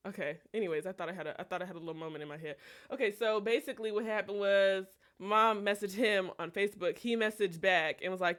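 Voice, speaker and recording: A woman streamer telling a personal story in a casual, animated, profane and digressive way. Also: medium pitch, fast.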